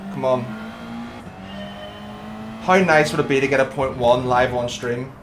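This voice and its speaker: A man livestreaming a racing game, giving excitable, self-critical commentary while greeting viewers. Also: medium pitch, unhurried. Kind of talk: live gameplay commentary. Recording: noisy stream audio with car engines. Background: racing game engine sounds.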